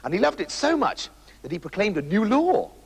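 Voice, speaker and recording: Husky, animated storyteller man. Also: high-pitched, a little fast, low-quality recording. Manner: playful, animated, asides. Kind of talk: comic fairy-tale narration.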